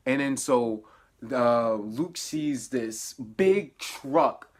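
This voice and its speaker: A man casually recapping a show episode in a spoiler review, animated and laughing, his voice dropping to low mutters and then jumping up in excited bursts. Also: drawn-out words. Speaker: TV review vlogger.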